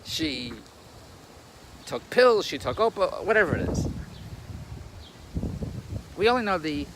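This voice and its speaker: A man's voice: high-pitched, very animated, takes it slowly, noisy background. An older man giving a blunt, rambling monologue to a camera on a tripod, repeating words and laughing at his own jokes. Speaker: YouTube commentator.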